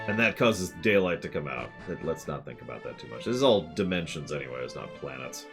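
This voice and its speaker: A man's voice: a bass voice, very animated, a little fast, vocal fry. A man streaming a video game, giving casual commentary with wry, joking asides. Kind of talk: casual let's-play commentary. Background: game music.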